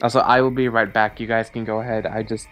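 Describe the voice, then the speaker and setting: A man's voice: fairly low pitch, flat delivery, quick pace, a bit bright. A man playing in a tabletop game, chatting casually and joking with the group. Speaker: player. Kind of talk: casual chat. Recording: faint background music.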